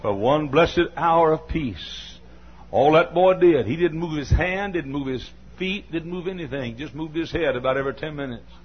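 A slightly high-voiced older man from the American South preaches at a moderate pace, telling a folksy story and periodically chiding his listeners before bursting into shouts. The dull, lo-fi sermon recording carries slight background noise.

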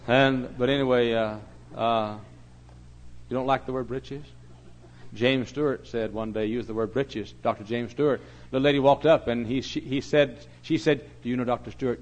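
A man preaching a sermon as pastor, swinging from hushed storytelling to loud hollering. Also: medium pitch, fairly even intonation, moderate pace, vocal fry, highs cut off.

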